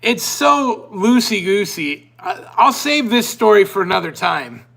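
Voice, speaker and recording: High, gravelly-voiced man telling a story. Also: unhurried. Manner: animated, rambling, self-interrupting. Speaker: podcast host. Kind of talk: casual storytelling.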